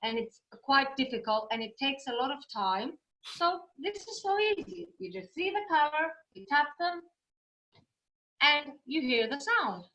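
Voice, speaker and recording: A Greek woman with a bright, clear voice talks slowly and patiently over a video call. She is a music teacher, with Greek as her first language. She sounds out rhythm syllables as she demonstrates. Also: sits high, expressive, muffled recording. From Greece.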